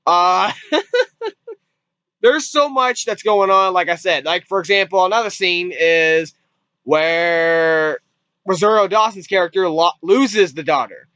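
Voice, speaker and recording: High, bright-voiced rambling male reviewer. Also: unhurried, clean tone, no echo, muffled recording. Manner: rambling, repeats himself, swears casually. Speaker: movie reviewer. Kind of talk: casual spoken review.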